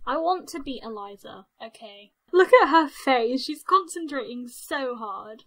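A young woman doing excitable let's play commentary, squealing and shouting at what happens in the game. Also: high-pitched, unhurried, soft background music, rough recording. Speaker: gaming channel host.

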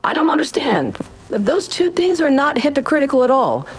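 A woman's voice: sits high, sing-song, moderate pace, music in the background. A woman co-hosting a reaction commentary, dry and incredulous. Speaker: commentary co-host.

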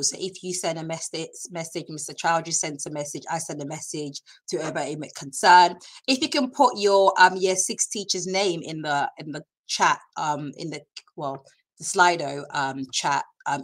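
Her voice is deep and the recording rough. A school staff presenter, she leads an online session from her computer mic in a chatty, encouraging way, filling her speech with lots of fillers.

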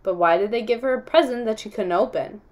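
A woman's voice: fairly high pitch, quick pace, muffled recording, close to an everyday voice. Skeptical, teasing schoolboy, played by a woman reader. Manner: teasing and contrary.

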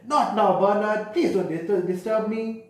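A man's voice: high voice, animated, moderate pace, a little mellow, distant mic. A man reading a storybook aloud, voicing a busy, irritated mother who brushes her child off. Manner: exasperated, brushing off. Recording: echoey room.

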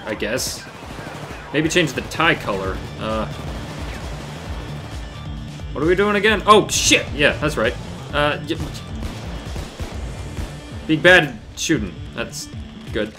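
A man giving solo gameplay commentary, shouting and swearing at the game and cracking sarcastic jokes, with faint game music behind. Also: on the high side. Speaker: let's play gamer.

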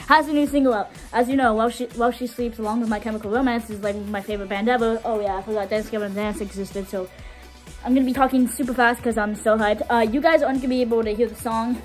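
A woman's voice: a little high, fairly even intonation, fast. A young woman filming a music reaction vlog, gushing and squealing, repeating "oh my god" over and over.

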